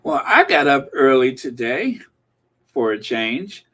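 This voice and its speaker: A man hosting a live stream, greeting viewers and chatting casually with plenty of pauses and filler words. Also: medium pitch, wildly swooping pitch, fairly bright tone. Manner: unhurried, chatty, many um and uh fillers.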